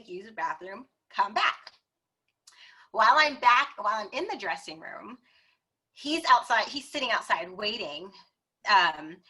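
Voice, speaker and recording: Bright-voiced woman telling lively stories. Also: mid-range voice, rough recording. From America. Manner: animated, laughs while telling stories. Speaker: guest. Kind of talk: conversational storytelling.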